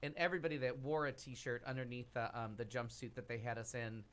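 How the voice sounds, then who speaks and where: A man's voice: mid-range voice, fairly even intonation, fast talker, a bit bright. A man on a talk show telling a long travel story in a casual, rambling way with lots of asides. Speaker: podcast cast member telling a travel story. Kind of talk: casual chat.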